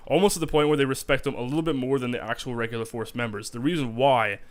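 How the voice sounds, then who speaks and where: A young man rants casually to camera, cursing constantly and piling on emphasis. His voice is smooth and resonant, sitting at an everyday middle pitch. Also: fairly even intonation, fast talker. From Canada. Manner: profane, rambling, emphatic. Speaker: army reservist vlogger. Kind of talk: casual vlog rant.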